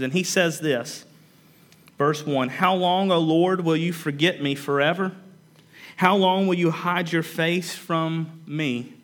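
A man's voice: fairly high pitch, fairly bright tone. A man preaching a sermon in an earnest way, often repeating words and building to emphatic peaks. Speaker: pastor.

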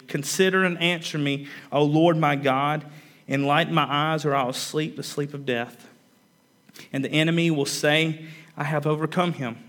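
A man's voice: fairly high pitch, fairly bright tone. A man preaching a sermon in an earnest way, often repeating words and building to emphatic peaks. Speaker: pastor.

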